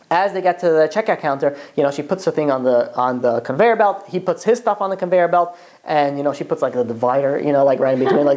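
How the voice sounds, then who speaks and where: A woman's voice: low voice, darkish tone. A woman telling a long story in a chatty, casual way, with many "like" and "you know" fillers.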